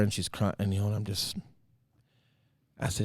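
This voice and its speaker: Young guy podcast host, low-ish voice, dry close sound, storytelling with voices. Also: normal speed, long pauses, breathy edge, no room sound. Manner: animated, acts out quotes with a put-on high voice.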